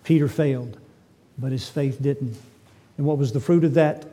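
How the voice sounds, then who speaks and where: A man's voice: a little high, normal speed, warm tone, breathy edge. A man preaching a sermon as pastor, emphatic and full of rhetorical questions.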